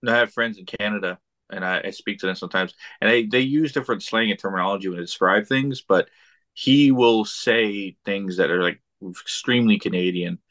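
Guest podcaster, man, faint Southern accent, animated and fairly low-voiced. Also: a little fast. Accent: slight Southern. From Texas. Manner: animated, repeats words when getting started. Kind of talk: casual chat.

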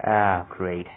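A man with a husky, mid-pitched voice drawls through a horror game at a slow pace. He keeps up a running self-talk and bursts into yelps and laughs when something jumps out. The sound is thin and phone-like. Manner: excitable, yelps and laughs at scares, talks to himself. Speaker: gamer playing a horror game. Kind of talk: let's play commentary. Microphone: phone mic.

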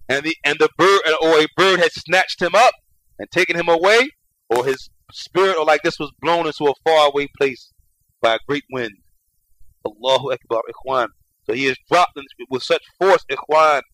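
Fast, bright-voiced man giving an Islamic lecture. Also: a little high, no room sound, low-quality recording. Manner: reads Arabic quickly then explains in English, repeats phrases. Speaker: religious lecturer.

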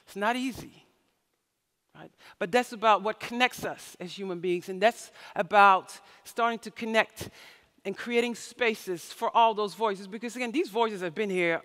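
A woman's voice: mid-range voice, sharp tone. A woman giving a conference keynote speech, telling stories expressively and acting out the voices of the people she quotes. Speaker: keynote speaker. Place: large conference hall. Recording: reverberant hall.

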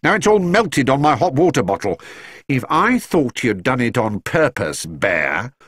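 A man's voice: mid-range voice, sing-song, measured pace, fairly bright tone, dry recording, studio quality, pitched above the performer's own voice. A man voicing a grumpy, suspicious older neighbour who barks and grumbles at a young bear. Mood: grumbling. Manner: gruff, barking, suspicious.

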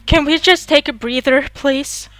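A woman from Norway playing a co-op video game, panicking and shrieking with excitement. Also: high-pitched, a little slow, dry recording. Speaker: gamer. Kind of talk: let's play co-op commentary.

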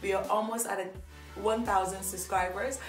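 Woman, 30s, Ivorian French accent, cheerful chatty vlogger in an echoey room with soft music underneath. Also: mid-range voice, steady tone, normal speed. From Ivory Coast. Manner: upbeat, chatty, laughing often. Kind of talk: casual get-to-know-me vlog.

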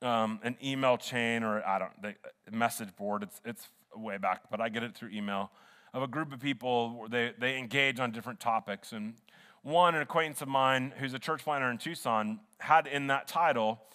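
This pastor speaks with a medium-pitched, sharp-toned voice at a moderate pace. Preaching in a church sanctuary, he sounds earnest and conversational and frequently starts his sentences over, all wrapped in long church reverb.

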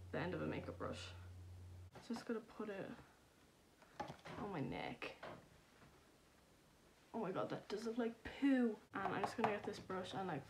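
A woman's voice: medium pitch, noisy background. A young woman, chatting casually and rambling with self-deprecating humor in a vlog filmed on her phone at home. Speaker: vlogger. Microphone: phone camera.

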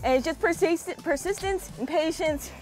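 High-pitched, excitable woman fishing vlogger. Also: moderate pace, faint music behind. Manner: excitable, bursts into shouts. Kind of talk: casual vlog commentary. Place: outdoors on a fishing boat.

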